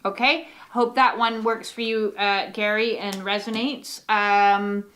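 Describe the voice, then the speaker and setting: A woman's voice: medium pitch, steady tone, takes it slowly, a bit bright. A woman giving a casual, rambling oracle card reading, full of fillers and the odd swear word.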